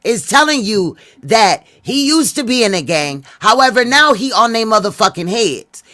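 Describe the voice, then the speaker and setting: Bright, high-voiced woman host, firm. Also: sing-song, normal speed. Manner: firm, steers and corrects the guests, swears casually. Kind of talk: moderating a panel debate.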